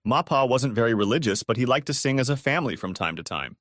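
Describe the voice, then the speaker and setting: A man's voice: mid-range voice, animated, fast, fairly bright tone, no echo, clean studio sound. A man voicing a genial old-west cowboy ghost judge with a folksy, courteous Texas drawl. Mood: reminiscing.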